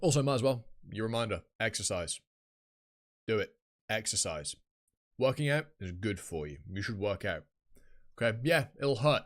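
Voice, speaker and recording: Rambling, swearing streamer. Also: male voice, on the low side, expressive, moderate pace, pauses often. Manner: casual, rambling, swears freely. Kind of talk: live reaction stream, reading a webtoon aloud.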